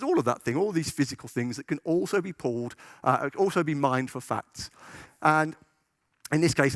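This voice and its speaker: A man's voice: mid-range voice, fairly bright tone, no room sound, clean studio sound. A man giving a conference talk, chatty and joking, checking in with the audience. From United Kingdom. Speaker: conference speaker. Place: conference hall stage.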